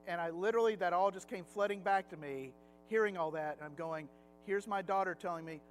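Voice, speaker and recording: High-voiced middle-aged man teaching Bible class. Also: fairly quick, slight background noise, poor audio. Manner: chatty, anecdotal, slips into acted quotes. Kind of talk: conversational Sunday Bible lesson. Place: church classroom.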